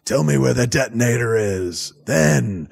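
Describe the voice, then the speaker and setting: A man hosting a podcast, recapping a film in a loose, profane, animated storytelling way. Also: medium pitch, unhurried, vocal fry. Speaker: podcast host. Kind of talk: casual movie recap chat.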